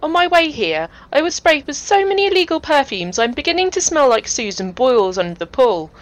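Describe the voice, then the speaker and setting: A woman's voice: high-pitched, very animated, brisk, pitched above the performer's own voice. A woman voicing a sardonic, stern female station boss. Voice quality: dry and cutting.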